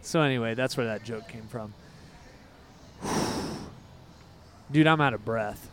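A man co-hosting a music podcast in casual chat. He talks in a rambling, excitable way and drifts off on tangents. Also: mid-range voice, takes it slowly. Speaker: podcast co-host.

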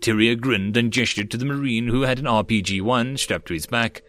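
A man narrating a web novel audiobook in a steady reading voice. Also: mid-range voice, brisk.

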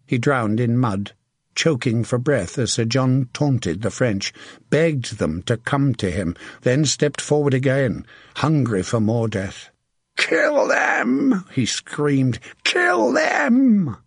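A man reading a historical battle story as a steady, vivid audiobook narrator. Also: medium pitch, slow pace, breathy edge, no echo, clean studio sound.

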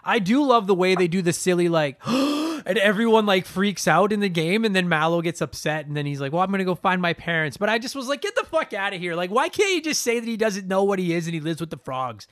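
A man's voice: high voice, animated, fairly quick, few pauses, fairly bright tone, no room sound, studio quality. A man co-hosting a casual gaming podcast, ranting in a profane, exaggerated way. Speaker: podcast co-host.

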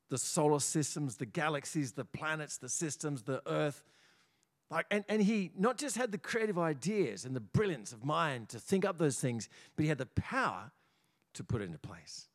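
An Australian man preaching a sermon as pastor in a church, animated and often repeating small words as he builds his points. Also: on the high side. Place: church auditorium.

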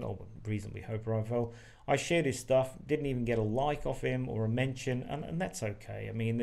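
A man's voice: mid-range voice, dark tone. Chatty Australian man hosting a podcast. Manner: rambling, frequent fillers and restarts. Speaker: podcast host. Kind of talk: casual chat.

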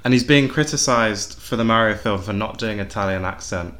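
Low-voiced man, chatty host. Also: fairly quick, fairly bright tone. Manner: rambling, repeats words while gathering thoughts. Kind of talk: casual chat.

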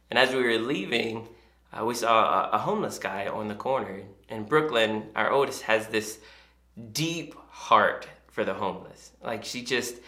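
A man's voice: medium pitch, pushed and bright. A male pastor giving a sermon in a conversational, storytelling way. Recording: echoey room.

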